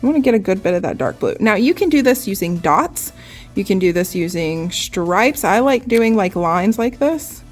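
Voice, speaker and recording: A young woman, a nail artist, giving a relaxed, chatty step-by-step nail art tutorial, often saying "like". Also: mid-range voice, moderate pace, soft background music.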